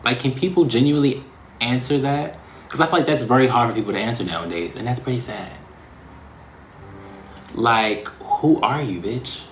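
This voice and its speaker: A man hosting his own vlog, talking in a casual, reflective way, slangy and expressive. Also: mid-range voice, brisk, pauses often, echoey room, slight background noise. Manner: slangy and expressive, breaking into laughs. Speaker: vlog host.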